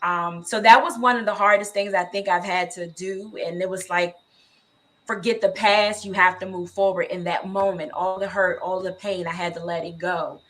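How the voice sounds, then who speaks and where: A woman's voice: fairly low pitch, steady tone, moderate pace, a bit bright. A woman co-hosting a faith talk show, telling a family story earnestly and with feeling. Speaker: co-host. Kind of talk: faith-based casual talk.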